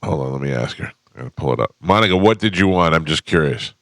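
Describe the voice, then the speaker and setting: A man's voice: rumbling low, animated, fast talker, vocal fry, a bit bright, no room sound. A man hosting a morning radio show from a studio, bantering casually and teasing his co-hosts. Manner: joking, teasing. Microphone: studio microphone.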